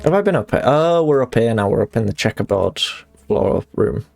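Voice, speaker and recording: A man's voice: medium pitch, animated, fairly quick, gravelly, a little mellow, faint music behind. A young man streaming a game live and chatting as he plays, rambling and self-mocking with many restarts.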